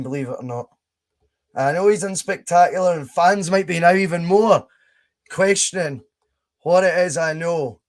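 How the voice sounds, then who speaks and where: A young Scottish man hosting a casual live stream, chatting, laughing and reading out viewer comments as he plays. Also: fairly high pitch. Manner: chatty, laughs often, reads chat aloud. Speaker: podcast host streaming a game.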